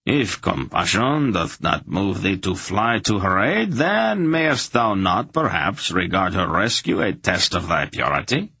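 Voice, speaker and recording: An earnest, chivalrous knight lecturing in grand, archaic phrasing, as a man reads him. The voice is low and husky, dry. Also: big pitch swings, a little slow, hardly any pauses, bright, forceful tone, no echo, exaggerated voice. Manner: formal archaic speech.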